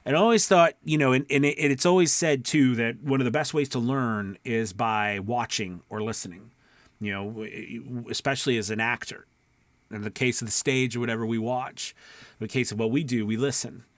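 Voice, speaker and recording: A man's voice: mid-range voice, moderate pace, no room sound. A man coaching beginner voice actors in a casual teaching talk, often checking in with "okay" and "right.". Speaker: voice acting coach.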